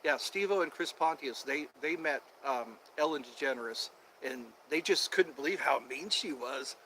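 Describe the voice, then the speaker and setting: A man's voice: medium pitch, moderate pace, bright, forceful tone, slight background noise, rough recording. A man chatting casually on a livestream, rambling with many fillers, recorded outdoors on a phone. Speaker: livestream host. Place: outdoors at sunset, traffic passing.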